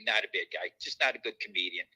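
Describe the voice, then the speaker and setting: A man's voice: lowish voice, fast talker, bright, forceful tone, slightly rough, rough recording. A man who is a podcast guest, talking in a rambling, hesitant way and defending himself. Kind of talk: casual chat.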